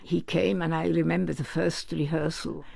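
Older man, very gravelly voice, slightly high, anecdotal storytelling, dry close mic. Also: level tone, moderate pace, darkish tone, dry recording. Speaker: orchestra manager, guest. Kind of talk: reminiscing interview answers.

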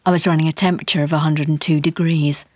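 A woman's voice: low-pitched, steady tone, fast, a little mellow, no echo, studio quality. A woman narrating a memoir audiobook with wry, comic storytelling.

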